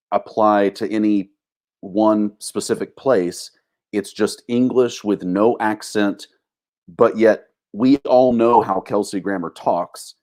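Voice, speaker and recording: A man from Texas chats on a podcast in a fairly low voice. He tells stories in an animated, profane, chatty way. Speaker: podcast co-host. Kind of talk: casual chat.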